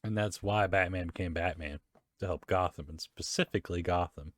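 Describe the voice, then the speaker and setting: A man's voice: low-pitched, brisk, dry recording. A young man casually recapping a comic book for a friend, laughing often and loosely acting out the characters' lines. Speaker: comic reader and podcast host. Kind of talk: casual chat, reading comics aloud.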